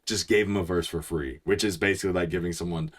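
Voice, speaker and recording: Man, young adult, deep voice, casual reaction commentary, rambling, excited explainer. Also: fast talker. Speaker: music reaction host.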